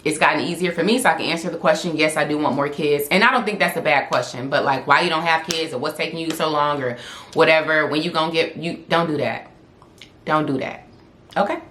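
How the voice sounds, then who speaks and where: A woman's voice: sits low, fast talker, a bit bright, a little hiss or hum. A young woman, chatting candidly and laughing often in a casual Q&A vlog. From Southern United States. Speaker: vlogger and influencer. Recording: echoey room.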